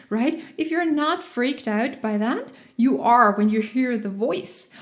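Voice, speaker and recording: A woman's voice: on the high side, animated, slow pace. A woman coach giving a motivational talk, cheerful and laughing often, recorded in an echoey room. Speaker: joy and fitness coach.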